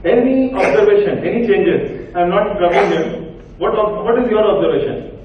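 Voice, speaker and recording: A man's voice: high voice, moderate pace. A man with an Indian English accent giving an interactive workshop talk, directing volunteers with short commands. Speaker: workshop speaker. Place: large hall with an audience. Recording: echoey hall, far from mic, tinny.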